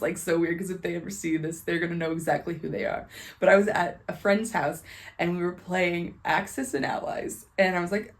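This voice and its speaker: A woman's voice: lowish voice, level tone, moderate pace. A young woman sharing a personal faith testimony to camera in a chatty, candid way, full of "like" and "um," earnest and close to tears. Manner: chatty and candid, heavy use of "like" and "um"; earnest and emotional, holding back tears. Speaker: faith and book vlogger.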